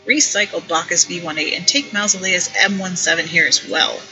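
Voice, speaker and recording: A woman's voice: on the low side, steady tone, normal speed, sharp tone, soft background music, rough recording. A woman voicing a grandiose, furious male imperial overseer in a storybook game, barking orders.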